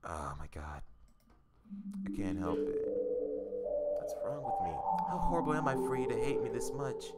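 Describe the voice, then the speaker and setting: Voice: mid-range voice, very animated, moderate pace, close to an everyday voice. A streamer reading aloud as a desperate, lovestruck young female game character, pleading and remorseful, with game music behind. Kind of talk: read-aloud game dialogue.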